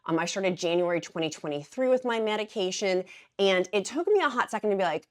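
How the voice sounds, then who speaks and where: A woman vlogger talking casually and emphatically to her viewers, repeating words for stress and dropping into quieter asides. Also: mid-range voice, animated, brisk. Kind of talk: casual explainer vlog.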